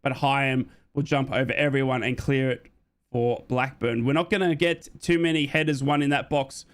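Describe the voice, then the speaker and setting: A young Australian man does live play-by-play football commentary as a fan watchalong commentator, chatting with viewers and jumping high and quick when excited.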